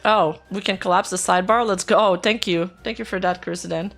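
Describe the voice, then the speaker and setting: Streamer girl chatting with chat, reading stuff out loud, some soft music in the back. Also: medium pitch, steady tone, brisk, gravelly. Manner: chatty, answers chat, reads text aloud. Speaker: streamer reacting to news. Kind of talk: casual reaction stream, reading posts aloud.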